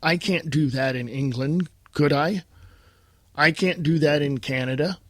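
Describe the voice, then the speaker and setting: Blunt, high-voiced male podcast host. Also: measured pace, dry recording. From United States. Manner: blunt and combative, addressing listeners directly. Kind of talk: political talk monologue.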